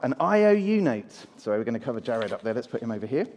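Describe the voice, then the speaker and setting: A man's voice: mid-range voice, big pitch swings, quick pace, a little mellow, slight background noise. A man giving a children's talk in a church service, drawing the congregation in and having them repeat words with him. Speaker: preacher. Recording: long church reverb.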